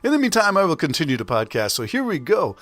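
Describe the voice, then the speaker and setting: A man's voice: fairly high pitch, huge pitch swings, quick pace, a bit bright, dry recording. A man in his sixties hosting a casual solo podcast from home, chatty and rambling, with self-amused asides. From Canada. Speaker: podcast host. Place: home during a thunderstorm.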